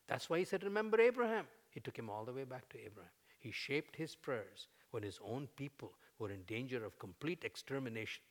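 A man preaching a sermon, conversational with fillers, building to loud, emphatic peaks as he voices prayers. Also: mid-range voice, animated, fairly quick, hardly any pauses. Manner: fillers and restarts, conversational teaching.

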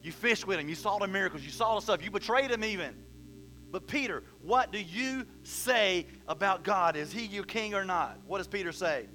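A man's voice: sits high, animated, normal speed, sharp tone, a little hiss or hum. A man pastor preaching a sermon, asking questions and reading scripture aloud. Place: church hall.

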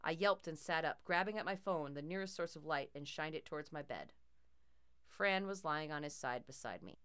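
A woman's voice: low-pitched, normal speed, a bit bright, smooth. A woman narrating a first-person horror story in a tense, dramatic way.

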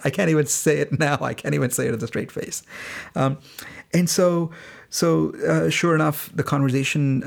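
A man's voice: medium pitch, gravelly. A middle-aged man hosting a podcast, telling a personal story in a candid, sardonic way and laughing now and then. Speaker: podcast host.

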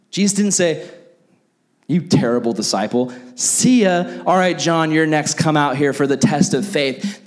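A young adult man preaching a sermon as pastor, animated and acting out the voices he quotes. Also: mid-range voice.

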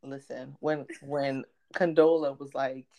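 A woman chatting casually about a TV show, animated and chatty, laughing often. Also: very deep voice, slow pace, gravelly. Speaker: podcast co-host.

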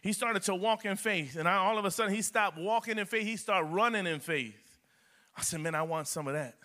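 A man's voice: sits high, moderate pace, sharp tone. A man preaching a sermon in a church as pastor, repeating phrases and building emphasis. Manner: preaching with rising emphasis and repetition.

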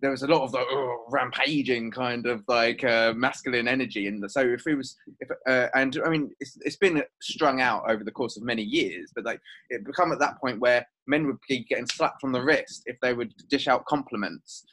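A man's voice: medium pitch, moderate pace, few pauses, fairly bright tone. Hesitant man in casual chat. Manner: hesitant, lots of fillers. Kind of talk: casual conversation.

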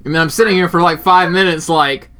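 A man's voice: on the high side, steady tone, fast, a bit bright, smooth. A young man hosting a podcast with casual, crude, joking banter. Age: young adult. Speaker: podcast host. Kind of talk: casual chat.

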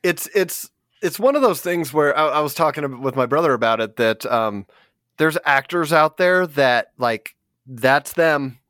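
A podcast co-host chats casually, rambling with filler words and laughing often. His voice is fairly high and fairly bright, with lively intonation and a measured pace, recorded in studio quality with no room sound.

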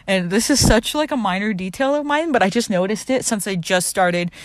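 A woman's voice: mid-range voice, lively intonation, a little fast, no room sound. A young adult woman recapping a movie casually on her podcast, chatty, saying "like" a lot and laughing often. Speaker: podcast host.

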